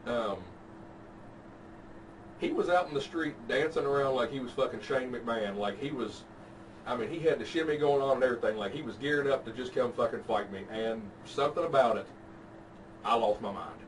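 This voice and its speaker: Casual man, podcast host telling a profane anecdote, mid-pitched voice, far from the mic with noise behind him. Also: moderate pace. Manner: laid-back, profane storytelling. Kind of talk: casual chat. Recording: distant mic with background noise.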